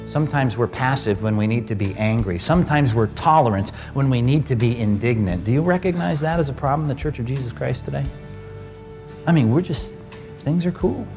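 A male pastor preaching an emphatic sermon, swinging between loud stress and hushed, quiet lines. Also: mid-range voice, lively intonation, a little fast, music in the background. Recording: broadcast sermon with long hall reverb.

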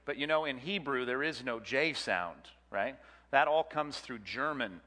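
Teacher, man, bright chatty delivery, quizzes the room, long hall echo. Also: mid-range voice, a little slow. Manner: chatty, jokey, quizzes the class. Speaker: Bible teacher. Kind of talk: classroom lecture with audience questions.

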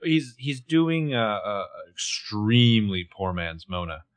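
A man co-hosts a casual podcast, picking apart a TV episode. His pitch moves around a lot, and he mixes close analysis with wry jokes. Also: very animated, slow pace. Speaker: podcast co-host. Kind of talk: casual chat.

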